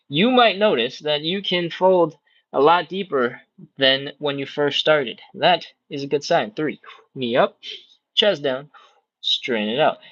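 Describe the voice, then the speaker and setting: Male stretch coach, somewhat high voice, close and dry, a bit dull lo-fi sound; calm, encouraging breath cues. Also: no room sound. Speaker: stretching instructor. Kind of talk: live workout instruction, cueing breaths and counting.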